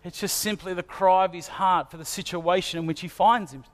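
A man's voice: high-pitched, steady tone, a little fast. A man preaching a sermon in an earnest manner, asking his listeners searching questions. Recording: long hall reverb.

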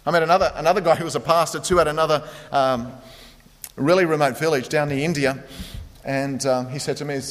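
A man's voice: a little high, brisk, a bit bright, long reverb tail. A man preaching a sermon, telling stories in a conversational way with frequent fillers. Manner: conversational storytelling, many fillers. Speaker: pastor.

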